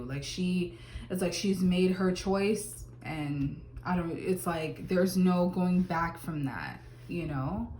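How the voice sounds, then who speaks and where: A woman's voice: fairly low pitch, takes it slowly, darkish tone, echoey room, slight background noise. A woman giving a casual tarot reading to camera, chatty, with many fillers and exclamations. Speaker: tarot reader.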